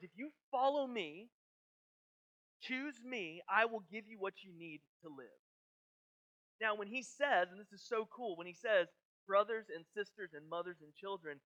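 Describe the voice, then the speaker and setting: A man in his thirties preaching a sermon, earnest, sometimes dropping very soft in prayerful moments. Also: sits high, dull audio. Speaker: pastor.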